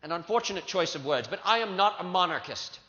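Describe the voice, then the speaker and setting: A man's voice: sits high, animated, fast talker, pushed and bright. An actor playing a proud, self-assured founding-era statesman, insistent and grand, in a live historical re-enactment for students. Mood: defensive. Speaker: costumed performer at an educational show. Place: large hall with a live audience. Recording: dull, echoey hall.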